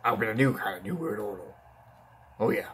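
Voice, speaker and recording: A man's voice: on the low side, expressive, a little fast, slight background noise, lightly acted. A man playing the Joker, a whiny clown villain. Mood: taunting. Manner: pleading and taunting, yelps in pain. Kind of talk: toy-figure fan play.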